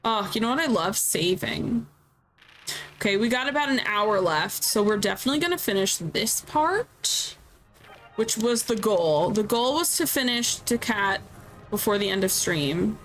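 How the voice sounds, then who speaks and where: A woman's voice: mid-range voice, animated, unhurried, fairly bright tone, a little hiss or hum, low-quality recording. A woman in her thirties chatting casually as a streamer while playing a video game, candid and talkative. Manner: chatty and candid, reacts aloud. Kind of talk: casual gameplay commentary.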